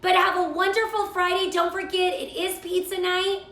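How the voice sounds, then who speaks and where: A woman's voice: extremely high pitch, little pitch movement, normal speed, bright, forceful tone, echoey room. A middle-aged woman hosting a live cooking stream, chatting and gushing while she reads viewer comments. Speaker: cooking show host.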